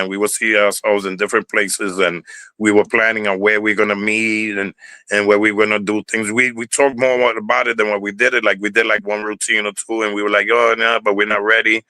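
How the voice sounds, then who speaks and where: Forceful, bright and smooth, the fairly low voice of an older Bronx man with a New York Puerto Rican accent comes through a dry but rough recording. As a former dancer being interviewed, he tells meandering stories, repeats words, and swears without restraint.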